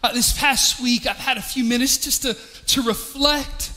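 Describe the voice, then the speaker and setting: A man's voice: very high voice, steady tone, normal speed, pushed and bright, in a large hall. A man, a pastor delivering a heartfelt, emotional sermon to his church. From East Tennessee, US. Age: 40s. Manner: emotional, heartfelt, with frequent restarts. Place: large church hall.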